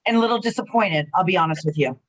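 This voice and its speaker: A woman co-host in casual chat, telling stories in an animated, chatty way. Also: lowish voice, fast talker, rough recording.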